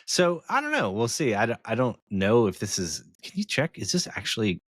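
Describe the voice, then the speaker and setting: A man co-hosting a casual podcast, talking with an enthusiastic, excitable manner. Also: medium pitch, fairly quick, no room sound, clean studio sound. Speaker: podcast co-host.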